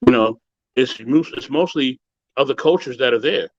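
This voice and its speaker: A man on a video call earnestly recounting a hurtful experience, emotional and halting, often saying "you know". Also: mid-range voice, dry recording, highs cut off. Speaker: guest sharing a story. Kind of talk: personal story on a video call.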